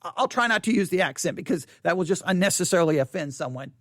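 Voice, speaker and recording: Emphatic high-voiced male podcast host. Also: lively intonation, quick pace, fairly bright tone, dry recording, studio quality. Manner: emphatic, repetitive, wry asides. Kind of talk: opinionated theology podcast monologue. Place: West Texas.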